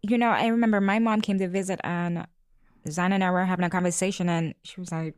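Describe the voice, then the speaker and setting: A woman speaking earnestly in a casual podcast conversation, pausing thoughtfully with fillers as she tells a family story. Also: medium pitch, darkish tone, clear, resonant tone, no room sound, clean studio sound. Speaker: podcast guest, parent.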